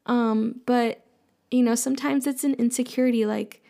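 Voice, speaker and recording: A woman's voice: fairly high pitch, fairly even intonation, moderate pace, gravelly, warm tone. A woman hosting an advice show, casually answering listener questions in a playful, teasing way with jokey asides. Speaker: advice podcast host.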